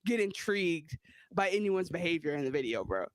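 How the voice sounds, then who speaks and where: A woman's voice: on the low side, sing-song, brisk, no echo. A woman co-hosting a podcast, blunt and joking as she reacts to the episode. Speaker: podcast co-host. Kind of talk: casual recap chat.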